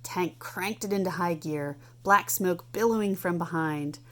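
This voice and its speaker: A woman in her thirties reading a picture book aloud at home to a child, animated and playful. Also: lowish voice, measured pace. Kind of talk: storybook read-aloud.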